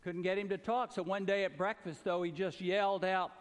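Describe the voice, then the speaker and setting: A man raised in the American South preaching a sermon, earnest, rising to emphatic calls and then dropping low and soft. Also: fairly even intonation, fairly quick, smooth, big-room sound. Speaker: pastor.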